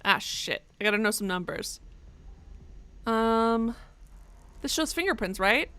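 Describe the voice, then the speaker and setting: A woman's voice: on the high side, expressive, a little slow, a bit bright, smooth. A young woman doing let's play commentary, joking and swearing as she reacts to the game. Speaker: gaming streamer.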